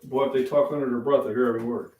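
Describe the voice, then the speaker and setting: A man's voice: medium pitch, steady tone, racing, noisy background. An older man hosting a casual live stream from his home kitchen, rambling in a folksy way and speaking directly to his viewers. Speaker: fitness channel host. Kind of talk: casual live-stream chat while cooking. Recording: roomy sound, voice off-mic.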